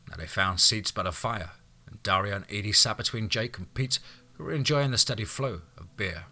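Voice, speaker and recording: Bright-voiced male storyteller, low pitch. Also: a little fast. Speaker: audiobook narrator. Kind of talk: scripted audiobook narration.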